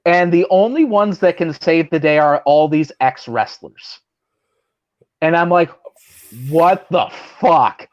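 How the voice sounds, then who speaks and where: A man's voice: on the high side, a little slow, darkish tone, lo-fi sound. A man who works as a pro wrestler, guesting on a talk show and telling a rambling, profane story full of fillers while acting out the people he quotes. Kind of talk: casual storytelling over drinks.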